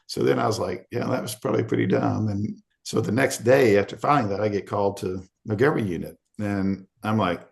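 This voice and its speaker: A man's voice: on the low side, brisk, creaky, few pauses. A middle-aged man from Arkansas, a podcast guest telling a candid story and acting out the quoted voices in it. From Arkansas, USA.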